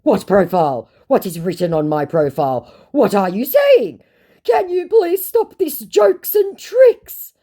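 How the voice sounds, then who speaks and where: A woman voicing a smug, evasive male online scammer in a dismissive, drawn-out way. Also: mid-range voice, sing-song, warm tone, pitched above the performer's own voice.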